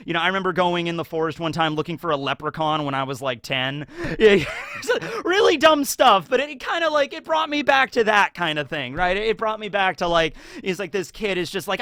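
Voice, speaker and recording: An excitable man rambles through a casual anime recap, full of fillers and tag questions. His voice sits a bit high and sounds bright and forceful. The recording is dry and close. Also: a little fast, dry recording. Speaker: YouTuber.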